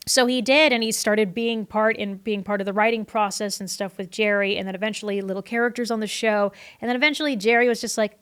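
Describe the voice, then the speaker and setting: A young adult woman, a guest in a casual interview, telling stories in a chatty, animated way. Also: mid-range voice, quick pace, few pauses, clean tone. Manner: animated, chatty, often breaks into laughs. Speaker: guest, horror host and vintage performer.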